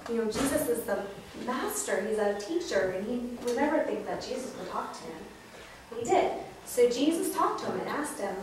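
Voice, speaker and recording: A young woman student teacher telling a Bible story to first graders, animated, acting out voices and prompting the children. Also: a little high, moderate pace. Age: young adult. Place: school classroom. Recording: echoey room from far off with noise.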